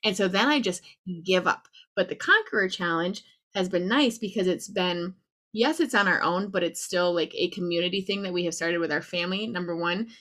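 Self-deprecating woman with a lowish voice. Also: a little fast, fairly bright tone. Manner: self-deprecating, candid, laughs often. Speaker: podcast co-host. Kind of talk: casual chat.

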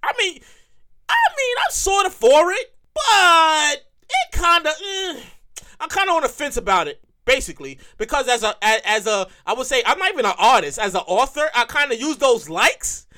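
A woman hosting a comedy podcast, ranting in a profane, animated monologue and repeating lines for emphasis. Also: sits high, moderate pace. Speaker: podcast host and comedic writer.

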